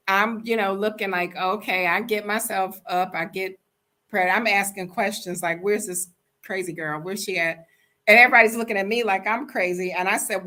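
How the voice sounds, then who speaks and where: Older woman, blunt storyteller, bright and forceful. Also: mid-range voice, moderate pace. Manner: sassy, blunt, animated storyteller. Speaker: vlogger telling a travel story. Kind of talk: casual storytime monologue.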